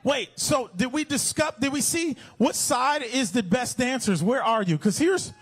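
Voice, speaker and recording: A man working as an event MC, shouting playfully to a crowd of kids and running call-and-response games. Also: very high voice, a little slow, husky. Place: outdoor stadium fan event.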